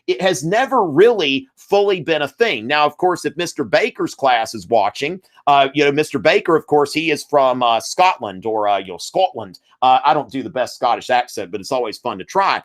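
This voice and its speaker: A man hosting a live history review, lecturing in a conversational way with many fillers and shoutouts to viewers. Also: fairly high pitch.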